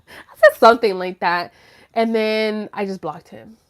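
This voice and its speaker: A woman hosting a live stream, telling her viewers a story casually, rambling and animated, with lots of "like" and some swearing. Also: medium pitch, unhurried, smooth. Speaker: host of a live chat stream.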